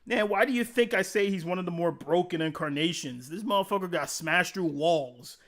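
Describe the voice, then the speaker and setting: A man's voice: high voice, moderate pace, a bit bright. A man casually chatting on a live stream, reading chat comments aloud, swearing freely and laughing often as he rambles. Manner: profane, laughs often, rambling game talk.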